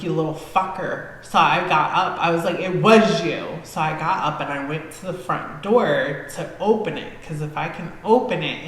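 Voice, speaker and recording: A woman guest on a podcast telling a story casually, animated and swearing freely as she acts out scenes. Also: deep voice. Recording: echoey hall-like room with faint noise.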